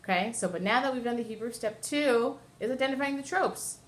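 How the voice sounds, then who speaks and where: A woman's voice: a little high, brisk. A woman cantor explaining Torah chanting step by step to a class, now and then singing short phrases. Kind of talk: classroom lesson with sung examples.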